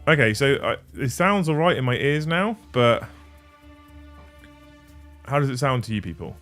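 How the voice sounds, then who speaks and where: A man hosting a livestream chats casually and swears freely while fixing his audio settings, speaking into a studio mic on a desk mixer. His mid-range voice is very animated and a bit bright, at a normal speed, with faint music behind him.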